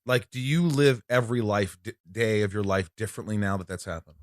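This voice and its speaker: A man's voice: on the low side, fairly quick, no room sound, studio quality. A man in his forties hosting a podcast, asking questions and joking around in casual talk. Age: 40s. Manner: animated, joking. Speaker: podcast host. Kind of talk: casual interview.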